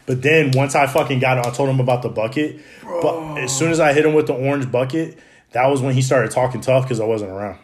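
A man's voice: mid-range voice, fast, echoey room, a crowd in the background. A man telling profane, laughing stories about coworkers in a casual chat. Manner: profane, laughing, animated storytelling. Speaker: mechanic telling shop stories. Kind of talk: casual storytelling among coworkers.

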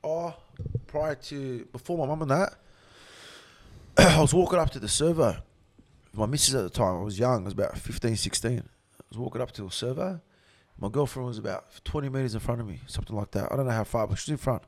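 Gravelly-voiced, foul-mouthed Australian man. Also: mid-range voice, fast talker. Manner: profane, swears constantly; gets loud and laughs while telling. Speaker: interview guest. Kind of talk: casual storytelling.

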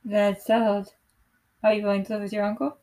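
A young woman reading the lines of a gentle, loving father in her own voice, soft and tender. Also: medium pitch, flat delivery, fairly quick, lightly acted, rough recording.

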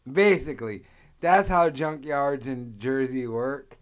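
A man's voice: medium pitch, animated, takes it slowly. A man on a casual podcast, blunt and crude, cutting in with offhand jokes. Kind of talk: casual chat.

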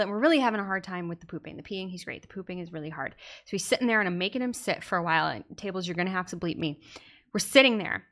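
A woman co-hosting a podcast, telling a story in casual chat, animated and laughing often. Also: mid-range voice. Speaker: podcast co-host.

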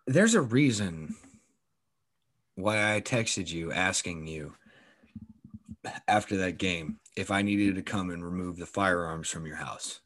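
Lower-pitched man ribbing his co-host. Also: takes it slowly, pauses often. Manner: animated, profane, teasing, voice jumps up when excited. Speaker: podcast co-host. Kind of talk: casual sports chat.

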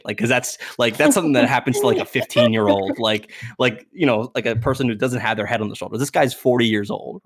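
A man's voice: lowish voice, dry recording, clean studio sound. A young man in casual storytelling, rambling with many fillers and acting out quotes in a raised voice. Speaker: podcast guest.

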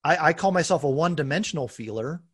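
A man hosting a podcast, talking earnestly and openly about his own life, with bursts of laughter and animated emphasis. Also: on the high side, fast, husky. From United States. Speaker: podcast host. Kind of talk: conversational podcast talk.

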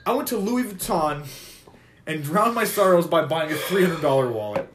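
A man's voice: fairly high pitch, lively intonation, normal speed, noisy background. A young man telling a story in casual chat, laughing and swearing freely. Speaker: podcast co-host. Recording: roomy echo.

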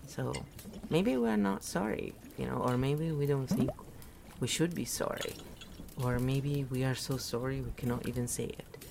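A woman's voice: very deep voice, moderate pace, gravelly, noisy background. A woman from Italy giving a casual, rambling spiritual talk, often laughing at her own jokes. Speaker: podcast host.

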